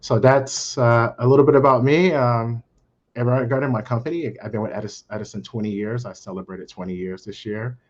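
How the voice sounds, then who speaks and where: A middle-aged man from Brooklyn, under the weather, speaking on a panel in a halting way full of fillers. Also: mid-range voice, fairly even intonation, highs cut off. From Brooklyn, New York. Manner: halting, many fillers and restarts. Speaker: panel guest, account manager. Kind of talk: casual panel talk.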